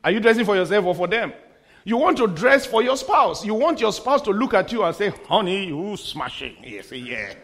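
High-voiced emphatic male preacher. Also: lively intonation, fairly quick, a bit bright. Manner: emphatic preacher with repeated refrains and humorous asides. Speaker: pastor. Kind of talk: sermon.

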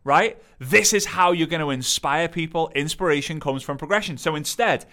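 A man giving an animated motivational talk, acting out quotes in playful voices. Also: a little high, normal speed. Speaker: motivational speaker.

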